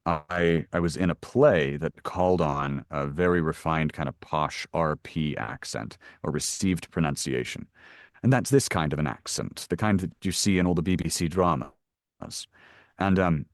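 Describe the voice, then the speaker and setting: A man, an audiobook narrator, answering interview questions in a relaxed, thoughtful way with frequent fillers and restarts. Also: deep voice, dry recording, clean studio sound. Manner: thoughtful, explains at length with many fillers.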